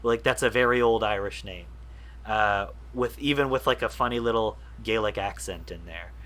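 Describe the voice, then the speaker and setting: A man's voice: lowish voice, moderate pace, a bit bright. A man co-hosting a casual gaming podcast, explaining at length with lots of fillers and restarts. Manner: rambling, enthusiastic explainer with many fillers. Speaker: podcast co-host.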